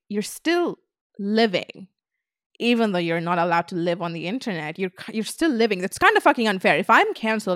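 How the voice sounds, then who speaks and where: A young woman talks on her podcast in a blunt, loose rant, swearing freely as she goes. Her voice sits at a middle pitch and sounds dry and close, with little room around it. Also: no echo. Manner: blunt, swears a lot, animated. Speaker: podcast host.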